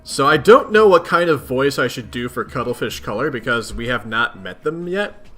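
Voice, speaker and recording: A man's voice: mid-range voice, expressive, normal speed, fairly bright tone, faint music behind. A man reading a webcomic aloud, chatting playfully with viewers between lines. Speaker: webcomic reader.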